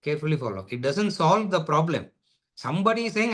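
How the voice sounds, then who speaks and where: A man teaches in a somewhat high voice. He keeps the lecture lively with rhetorical questions and laughter, and he slows into drawn-out chanting for the sacred verses. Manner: drawn-out chanting of Sanskrit words. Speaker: Vedanta teacher.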